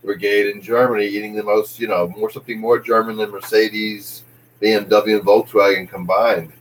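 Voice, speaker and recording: A man's voice: fairly low pitch, little pitch movement, normal speed, slight background noise, rough recording. A man rambling through a jokey comic monologue, jumping from one tangent to the next. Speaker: comedian host.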